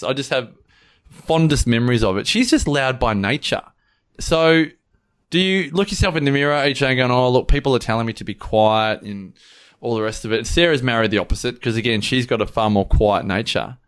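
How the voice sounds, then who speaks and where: A man co-hosting a podcast, talking loudly and animatedly in a casual chat. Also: mid-range voice. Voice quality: loud, animated talker. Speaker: podcast co-host.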